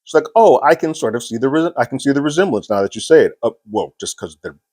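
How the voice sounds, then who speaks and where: With an animated, slightly mellow mid-range voice, this fast-talking recap host goes over a TV episode casually. Amused and chatty, he retells scenes using frequent fillers and laughs between his points.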